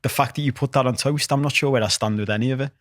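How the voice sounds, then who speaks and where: Bright-voiced man, animated. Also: mid-range voice, racing. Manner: animated, sweary, rambling. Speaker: podcast co-host. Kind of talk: casual chat. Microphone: podcast microphone.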